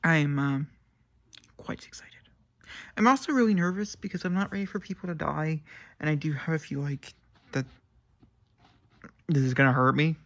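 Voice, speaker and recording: A young man chatting casually to camera about a book he is reading, excitable and rambling, with sudden jumps up into high squeals. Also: a little fast, pauses often. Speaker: book reviewer. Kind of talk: casual book vlog chat.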